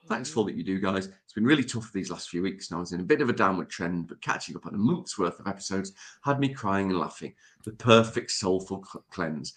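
A man's voice: low-pitched, expressive, quick pace, hardly any pauses, fairly bright tone. A man hosting a casual podcast, playful and self-mocking as he reads listener letters aloud. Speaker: podcast host.

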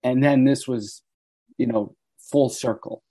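A man in his sixties from the United States, a guest telling animated stories in an interview. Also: mid-range voice, takes it slowly, dry recording. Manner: animated storyteller who acts out quoted voices. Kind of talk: storytelling interview.

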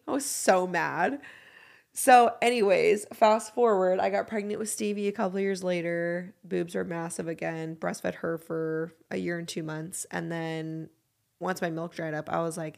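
Gravelly, low-voiced woman podcast host. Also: moderate pace. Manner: frank and candid, swears freely. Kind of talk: casual podcast chat.

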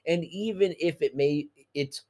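A man in casual chat recapping a show. He is excited, laughs often and swears freely. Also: a little high, unhurried.

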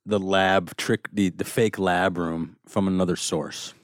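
A man's voice: low voice, measured pace, no room sound, clean studio sound. A man chatting casually as a podcast host, telling stories with lots of acted-out quotes and frequent laughter. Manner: animated storyteller who acts out quotes and laughs often. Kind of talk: casual chat.

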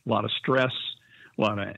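A man's voice: lowish voice, fairly even intonation, fairly quick, creaky, a bit bright, no room sound. A man in his seventies, a Marine veteran guest, telling his stories in a folksy way and laughing at them over a tinny line. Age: 70s. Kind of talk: casual storytelling interview. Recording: dry, tinny phone-like line.

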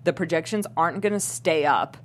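A woman's voice: low-pitched, fairly quick. A woman hosting a casual group chat, explaining news in a chatty way and laughing easily. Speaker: podcast host.

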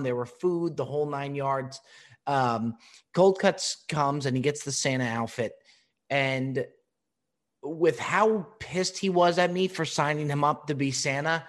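A man hosting a podcast, telling a funny story in a lively way and answering voicemails. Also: medium pitch. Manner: animated, laughing storyteller. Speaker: podcast host.

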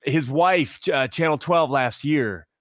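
A man's voice: a little high, a little slow, fairly bright tone, no echo, studio quality. A man co-hosting a casual sports talk show, speaking with passion and rambling through many restarts. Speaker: podcast co-host.

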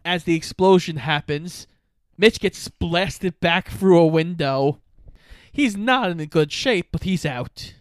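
A man's voice: fairly high pitch, slow, clean tone, dry recording. A man co-hosting a podcast, steadily summarizing a movie plot with dry asides. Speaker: podcast co-host. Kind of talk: casual movie recap chat.

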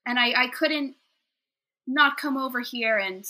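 A woman's voice: high voice, a little slow, pushed and bright. A woman playing a tabletop game, playful and teasing in casual chat. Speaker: player.

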